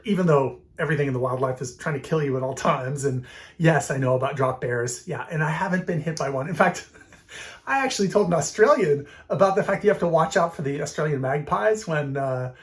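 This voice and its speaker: A man in his fifties answering fan questions in a casual, rambling way, full of fillers and restarts. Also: fairly high pitch. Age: 50s. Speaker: film music director answering fan questions.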